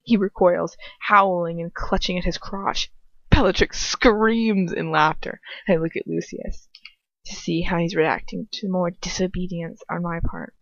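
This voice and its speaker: A woman reads first-person fan fiction aloud at home. She pauses often for chatty asides and laughs at her own slips. Her voice sits low, and the recording is dry and a bit dull. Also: fairly even intonation, dry recording. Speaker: amateur audiobook reader.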